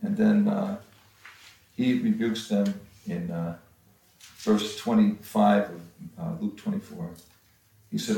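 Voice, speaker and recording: A man giving a halting Bible-teaching sermon, with frequent restarts and pauses. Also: fairly low pitch, steady tone, gravelly, mellow. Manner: halting, many restarts and fillers. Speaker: preacher. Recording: far from the mic in a very echoey room.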